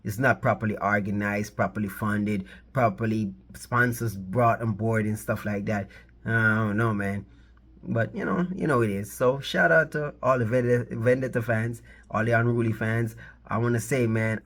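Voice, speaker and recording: A man's voice: medium pitch, fairly even intonation, normal speed, a bit bright. A man hosting his own channel, giving casual, rambling commentary on the music scene, repeating himself and playfully pleading with viewers. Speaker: channel host.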